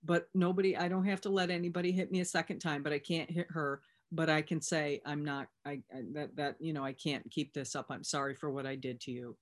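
A woman's voice: sits low, flat delivery, fairly quick, few pauses. A woman speaking as a recovery sponsor, telling a personal story in a conversational way and retelling back-and-forth dialogue. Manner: conversational, with fillers and restarts.

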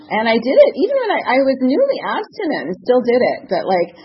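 A woman's voice: on the high side, huge pitch swings, quick pace, hardly any pauses, highs cut off, a crowd in the background, noisy background. A woman in her fifties telling a personal story with lots of laughter, acting out the voices in her quotes. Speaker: speaker sharing a recovery story.

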